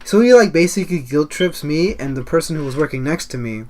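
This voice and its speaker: A man's voice: fairly high pitch, animated, fast talker, darkish tone. A man telling a work story in casual podcast chat, blunt, swearing a lot and mocking customers. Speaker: podcast co-host.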